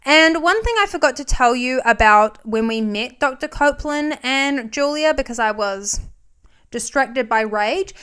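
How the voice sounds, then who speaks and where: A woman's voice: on the high side, a bit bright, smooth. A woman vlogger giving a casual movie recap, chatty and sarcastic, wandering off on tangents.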